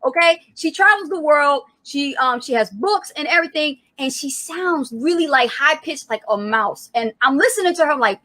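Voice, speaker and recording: An energetic woman hosts a live coaching stream with a high, bright, forceful voice. She projects like a trained public speaker and talks to viewers by name in a motivating way. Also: moderate pace, hardly any pauses. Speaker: co-host of a live coaching show.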